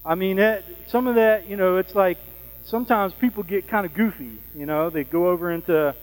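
A man preaching a sermon in a conversational way, often pausing to ask "Amen?". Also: sits high, big-room sound, poor audio. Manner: conversational, frequent fillers and "Amen?" checks.

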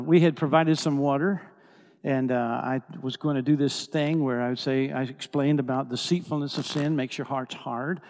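A man preaching a storytelling sermon, animated, swinging from hushed tones to shouting. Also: on the high side, big-room sound. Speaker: preacher and worship leader.

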